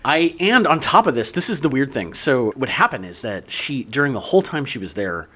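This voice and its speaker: A man hosting a podcast reads facts from his notes in easy, casual chat. His mid-range voice moves lively up and down, and he breaks into laughter readily. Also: medium pitch, fairly quick, breathy edge. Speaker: podcast host reading trivia.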